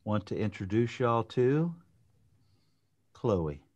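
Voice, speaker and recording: A man co-hosting a live podcast in casual chat, upbeat and quick to laugh. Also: on the low side, sing-song, darkish tone, highs cut off. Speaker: podcast co-host.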